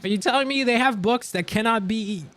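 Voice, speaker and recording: A young man from Canada talking casually on a livestream, reading and answering chat with animated, joking surprise. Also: sits high, brisk. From Canada, near Montreal. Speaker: livestream streamer.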